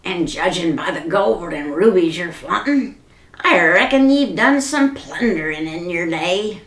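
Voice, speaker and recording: A cranky storybook pirate captain who barks his orders in thick pirate slang, as a woman reads him aloud. His voice swoops and grates with a gravelly edge. The sound carries the echo of a room. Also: lowish voice, expressive, measured pace. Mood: bossy. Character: gruff bossy male pirate captain. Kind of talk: storybook read-aloud for children.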